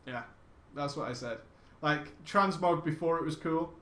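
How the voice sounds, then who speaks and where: High-voiced man telling a rambling story. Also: a little slow, fairly bright tone, reverberant. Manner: chatty, self-correcting, swears casually. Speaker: storyteller recounting gaming memories.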